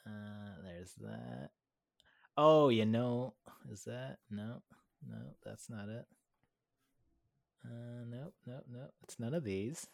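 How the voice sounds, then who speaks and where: A man's voice: mid-range voice, very animated, takes it slowly, creaky, pauses often. A man running a tabletop game, rambling casually with self-mocking asides and frequent laughs. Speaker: game master. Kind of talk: casual chat over a call.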